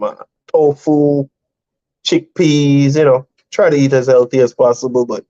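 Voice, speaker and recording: A man's voice: a little high, warm tone, dull audio. A man hosting a live stream for truck drivers, telling rambling stories in casual chat and laughing often.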